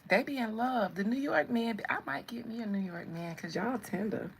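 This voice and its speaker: A woman's voice: a little high, fairly quick, gravelly, slight background noise, poor audio. A woman in her thirties with a Southern American accent, chatting to viewers in a sassy, teasing way. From Southern United States. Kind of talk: casual chat to viewers.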